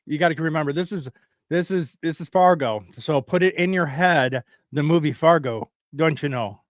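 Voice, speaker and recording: A man's voice: fairly high pitch, moderate pace, dry recording, clean studio sound. A man hosting a casual podcast, rambling loosely as he sets up a comedy bit. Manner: rambling, setting up bits. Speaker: podcast host. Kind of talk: casual chat.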